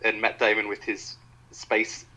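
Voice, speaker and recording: An Australian co-host gushes about a film in a bright, forceful voice that sits slightly low. He keeps stopping and restarting his sentences. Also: completely flat delivery, rough recording. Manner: enthusiastic, halting, many fillers and restarts. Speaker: podcast co-host. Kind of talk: casual film review chat.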